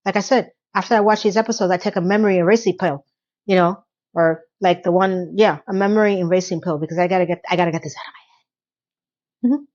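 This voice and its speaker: A woman giving a casual, opinionated TV recap, chatty and rambling with quick asides, now and then acting out lines from the show. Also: on the low side, fairly even intonation, darkish tone, lo-fi sound. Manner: acts out characters' lines in quick quotes. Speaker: TV recap reviewer.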